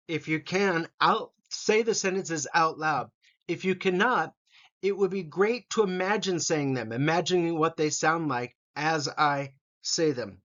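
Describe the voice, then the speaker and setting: A man teaching English vocabulary, saying each word slowly and repeating it for learners to copy. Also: on the high side, fairly bright tone, dull audio. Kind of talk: vocabulary pronunciation lesson.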